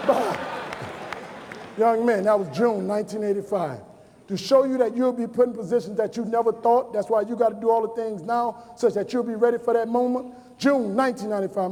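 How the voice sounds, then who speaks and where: Long large-hall reverb surrounds a high, steady, mellow voice delivered fast. The speaker, a motivational speaker in his forties from New Orleans, USA, talks to students and tells stories full of emphatic repetition.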